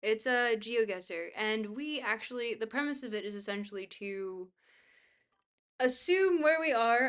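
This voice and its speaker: Woman streamer, upbeat and rambling, voice a touch high. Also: animated, a little slow, fairly bright tone. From Scotland. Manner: bubbly, thanks chat often, trailing filler words. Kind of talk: casual live-stream chat reading.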